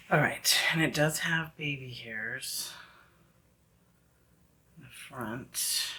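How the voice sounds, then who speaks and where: A woman with a slight Southern US accent talking through a wig review at home, chatty and often dropping into soft whispered asides. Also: a bass voice, takes it slowly, pauses often. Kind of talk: casual product review vlog.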